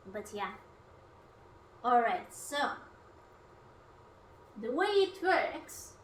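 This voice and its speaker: A young woman from Hungary chats with her stream as she cooks, teasing and poking fun at herself. Her voice sits a little high and sounds bright and forceful. A faint hum of room noise runs behind her. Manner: playful, teasing, self-mocking. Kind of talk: casual livestream chat while cooking.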